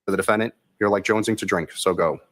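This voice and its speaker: Casting note: man on the witness stand, very low voice, quick monotone reading. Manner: flat monotone delivery. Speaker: state trooper testifying in court. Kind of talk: reading text messages into the court record.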